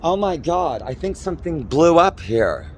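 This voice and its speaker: A man's voice: a little high, sing-song, normal speed, slight background noise. A man in his forties from Minnesota, doing a theatrical, rambling improvised comedy monologue while walking outdoors on city streets. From Minnesota, USA. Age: 40s. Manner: theatrical, campy, rambling jokes. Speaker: vlogger.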